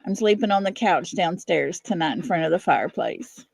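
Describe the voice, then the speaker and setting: A woman's voice: on the low side, expressive, normal speed, creaky, a little mellow, slightly rough, dry recording. A middle-aged woman hosting a casual livestream from her home, chatting with viewers, laughing often and fussing over her dog. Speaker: livestream host. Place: at home, indoors.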